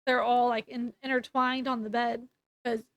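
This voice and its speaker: A woman's voice: fairly high pitch, little pitch movement, moderate pace, fairly bright tone. A woman casually retelling a novel's plot in a rambling, chatty way, full of fillers and restarts. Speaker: book reviewer. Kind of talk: casual book review recap.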